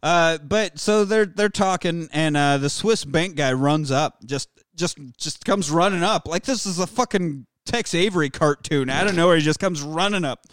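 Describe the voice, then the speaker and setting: A man hosting a podcast, recapping a movie in animated, profane casual chat. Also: a little high, normal speed, hardly any pauses, smooth, no room sound, clean studio sound. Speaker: podcast host.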